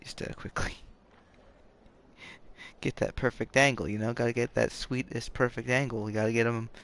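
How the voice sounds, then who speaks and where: A man's voice: mid-range voice, little pitch movement, moderate pace, vocal fry, fairly bright tone, slight background noise. A man rambling goofily and mocking himself while playing a game late at night, keeping his voice down. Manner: rambling, goofy, playfully self-mocking. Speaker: game streamer. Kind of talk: hushed late-night gaming chatter. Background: game music.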